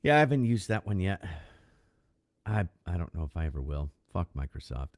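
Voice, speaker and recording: A man with a lowish voice chatting loosely on a casual podcast. He swears freely and stumbles through fillers and restarts. The sound is dry and close to the mic. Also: sing-song, a little fast, darkish tone, no room sound. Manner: loose and profane, with filler-heavy restarts, thanks viewers. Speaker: podcast co-host. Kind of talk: casual chat on a livestreamed podcast.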